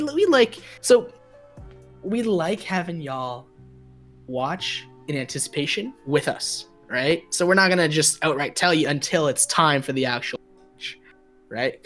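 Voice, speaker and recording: A young man casting a mobile esports match live, chatty and relaxed, greeting viewers in the chat. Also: on the high side, normal speed, faint music behind. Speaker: esports caster.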